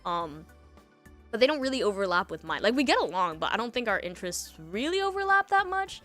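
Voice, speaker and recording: A woman's voice: on the high side, big pitch swings, fairly quick, a bit bright, faint music behind. A young woman streamer telling a story in casual chat, rambling with lots of fillers and laughs between thoughts.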